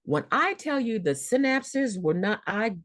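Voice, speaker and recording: A woman guest telling a personal story in a podcast interview, vivid and expressive, often repeating words. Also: fairly high pitch, unhurried, dry recording, studio quality.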